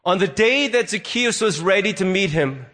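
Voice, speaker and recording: A man's voice: high-pitched, lively intonation, normal speed, a bit bright. A male pastor giving a sermon, telling a story and briefly voicing the people in it. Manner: storytelling, acts out voices in quotes.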